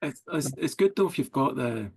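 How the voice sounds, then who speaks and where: A man's voice: medium pitch, lively intonation, moderate pace, vocal fry, a little mellow, husky. A middle-aged Scottish man, a writer as interview guest, rambling through anecdotes full of likes and quoted dialogue. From Scotland. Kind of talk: casual storytelling chat.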